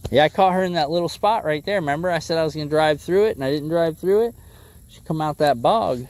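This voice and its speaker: A man livestreaming bass fishing from a boat on a lake, chatting with viewers in an easygoing way and talking excitedly to the fish as he reels it in. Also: fast, slight background noise. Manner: excitable, talks to the fish and chat. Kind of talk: casual live commentary while fishing.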